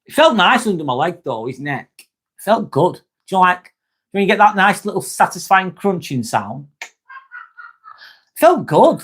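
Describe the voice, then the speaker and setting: A man's voice: sits high, big pitch swings, normal speed, a bit bright, slightly rough. A man hosting a casual live stream, joking, laughing often and answering chat comments.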